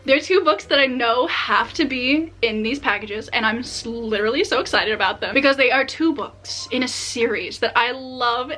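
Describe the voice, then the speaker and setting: A young adult woman vlogging casually as she unboxes books, excitable and chatty with many filler words. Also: on the high side, a little hiss or hum. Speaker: book vlogger.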